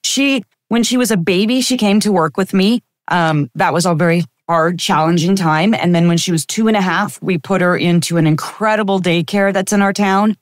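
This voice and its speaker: A woman's voice: on the low side, moderate pace, hardly any pauses, dry recording. Reflective storytelling woman in her fifties. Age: 50s. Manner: reflective, anecdotal, with frequent fillers. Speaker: chiropractor and practice owner, podcast guest. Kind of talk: casual interview storytelling.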